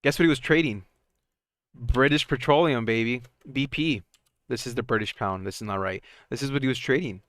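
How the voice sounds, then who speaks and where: A young man hosts a live stock market stream in a casual, excitable way, chatting to viewers and laughing between points. His voice is smooth and clear at a middle pitch. The sound is close and dry, with almost no room. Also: brisk, no echo. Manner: excitable, chatty, laughs often, trails off and restarts. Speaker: stock market livestream host.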